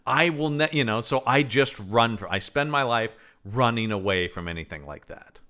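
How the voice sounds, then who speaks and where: A man's voice: on the low side, normal speed. A man co-hosting a podcast, chatting casually about films and acting out lines from them. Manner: animated, acts out quoted lines from movies. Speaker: podcast co-host. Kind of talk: casual movie commentary chat.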